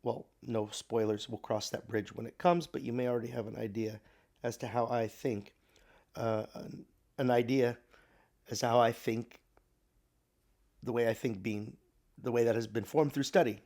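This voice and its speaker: Halting man teaching a Bible class. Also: mid-range voice, fairly even intonation, a little mellow. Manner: thoughtful, halting, with restarts and fillers. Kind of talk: recorded class lecture.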